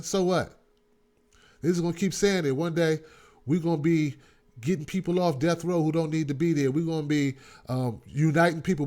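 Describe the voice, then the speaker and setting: A man whose voice is on the high side and a little mellow hosts a live online show, shouting out his chat. He's earnest and informal, repeating points as he rallies his listeners.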